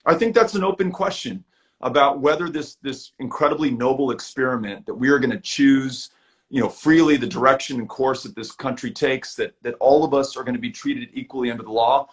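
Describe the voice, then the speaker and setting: A man's voice: mid-range voice, fairly quick. A man talking as a guest in a casual live video chat, earnest and reflective, often repeating words as he restarts.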